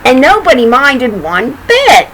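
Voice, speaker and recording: A woman's voice: high voice, huge pitch swings, slow, fairly bright tone, slight background noise, poor audio. An older woman reading a picture book aloud to children, chatting affectionately and pointing out the pictures. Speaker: story reader.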